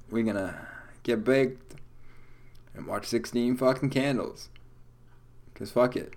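A man's voice: lowish voice, a little mellow. A young man hosting a casual solo podcast at home, talking in a rambling, profane, laid-back way while stoned. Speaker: podcast host. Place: home room with lights off.

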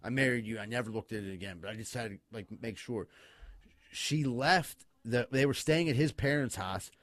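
A man telling a wild story in casual podcast chat, cursing often, laughing and talking excitedly. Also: medium pitch, normal speed, no echo. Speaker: podcast co-host.

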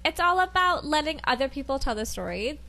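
A woman's voice: sits high, big pitch swings, brisk, gravelly, bright, forceful tone. A woman co-hosting a podcast in casual, upbeat, agreeable chat. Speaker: podcast co-host.

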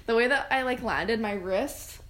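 A woman's voice: a little high, normal speed, a bit bright. Young woman telling stories with fillers. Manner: rambling, laughing, many fillers. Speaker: podcast co-host. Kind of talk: casual storytelling.

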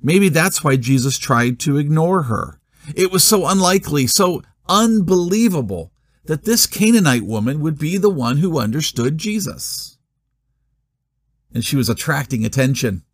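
A man preaching a sermon, expressive, with rhetorical questions and dramatic pauses. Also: on the high side, no echo, clean studio sound. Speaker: pastor.

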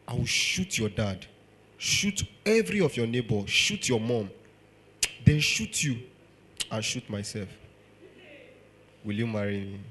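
A man with a Nigerian accent voicing a lovesick young man who pleads quietly and turns to low threats. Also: expressive, measured pace, pauses often, slight background noise. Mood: menacing.

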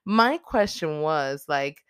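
A woman hosting a show, telling a movie's story in a casual, slangy, profane and animated way. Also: low-pitched, slow, clear, resonant tone, no echo, studio quality. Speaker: host.

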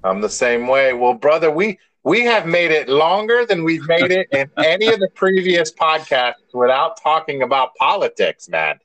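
A man's voice: a little high, big pitch swings, normal speed, few pauses, a bit bright, no echo, low-quality recording. A man co-hosting a podcast in casual chat, a rambling storyteller who restarts often and swears mildly. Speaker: podcast co-host.

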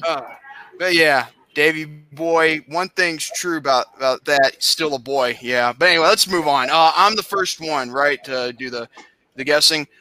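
A man co-hosting a casual podcast, teasing his friends loudly and laughing between remarks. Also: fairly high pitch, a little slow, no echo. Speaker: podcast co-host. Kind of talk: casual joking chat.

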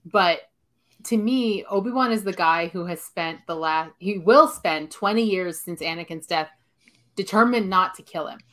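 A woman with a slightly low voice in a casual podcast chat. She talks earnestly and thinks aloud. Her speech is full of fillers as she works out her views. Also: normal speed, fairly bright tone.

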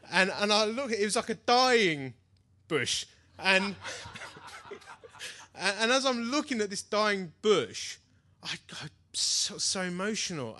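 A man preaching a sermon to a hall, telling personal stories in a lively way and acting out the voices of the people in them. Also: on the high side. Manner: animated storytelling, acts out quoted voices. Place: large hall before an audience.

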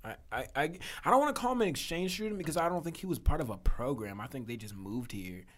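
A man's voice: mid-range voice, animated, fast talker, a bit bright. A young man hosting a loose podcast chat with friends, swearing often and laughing a lot. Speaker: podcast host. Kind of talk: casual chat.

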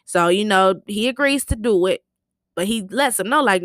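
A woman's voice: mid-range voice, animated, normal speed, fairly bright tone, no room sound, studio quality. A woman casually recapping a TV episode, telling it in a chatty, slangy way with lots of fillers.

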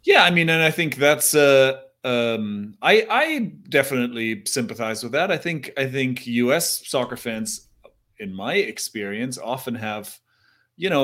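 A man co-hosting a podcast, speaking hesitantly in casual chat with many pauses and restarts. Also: mid-range voice, fairly bright tone. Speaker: podcast co-host.

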